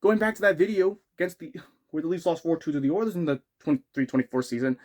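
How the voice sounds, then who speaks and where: A man's voice: on the high side, animated, quick pace, a little mellow. A man ranting as a hockey fan vlogger, rambling and frustrated, with many restarts and self-corrections. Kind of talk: sports fan rant.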